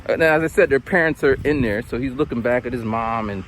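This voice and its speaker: A man in his forties, an English teacher, casually telling stories in a vlog and acting out quotes with big jumps in pitch. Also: a little fast, slight background noise. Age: 40s.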